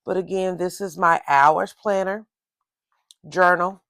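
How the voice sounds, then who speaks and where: A woman's voice: low-pitched, gravelly, no echo. A woman with a Southern US accent, chatting casually while decorating her journal in a plan-with-me vlog. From Southern United States. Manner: slow, relaxed, rambling with repeated "again". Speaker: journaling vlogger.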